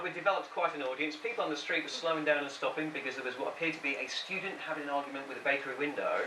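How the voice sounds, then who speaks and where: A man on the high side vocally works a comedy club crowd, chatting, cracking jokes at them, and doing voices for the people in his tale while they laugh. The live sound is roomy and far-off, buried in heavy background noise.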